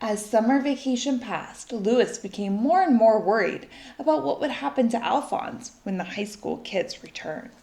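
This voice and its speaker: A woman reading a children's story aloud in an expressive, lively way. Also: on the high side, normal speed, gravelly. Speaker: storybook reader. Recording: echoey room.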